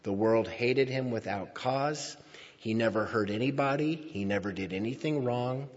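A man preaching a sermon, reading scripture aloud and explaining it in a slow, deliberate way, stretching out key words for emphasis. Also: medium pitch. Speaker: pastor. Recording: dull sound with long hall reverb.

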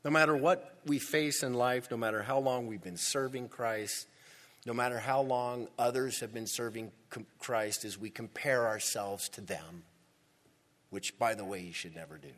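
A man's voice: medium pitch, normal speed, fairly bright tone, big-room sound. A male pastor preaching a sermon in a church, emphatic and repeating words for stress.

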